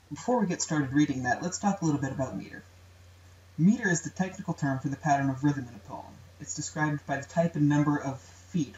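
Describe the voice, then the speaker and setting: A young man, a student presenter, narrates an educational video plainly and explains things simply, occasionally chanting rhythms aloud. His voice is medium in pitch with a darkish tone. The amateur recording is dull, distant and roomy, with a faint hiss.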